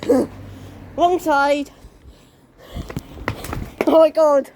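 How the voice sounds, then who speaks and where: A woman filming buses outdoors and giving excited, casual commentary on her phone, exclaiming and laughing often. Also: sits high, very slow. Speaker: transport vlogger. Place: outdoors by a busy road with buses. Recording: outdoor traffic noise. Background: buses and street traffic.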